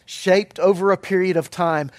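High-voiced man preaching a sermon. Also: fairly even intonation, no echo. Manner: earnest, emphatic preaching with measured pauses. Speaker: pastor.

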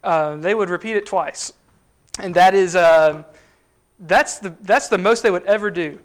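Man, high voice, sermon teaching, conversational, fillers and restarts. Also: measured pace. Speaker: preacher.

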